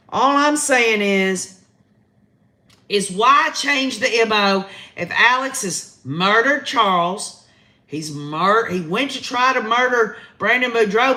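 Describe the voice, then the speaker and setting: Speaking in a slightly high, bright, forceful voice, a Southern American woman hosts a casual livestream. She talks right to her viewers, offering relaxed live commentary.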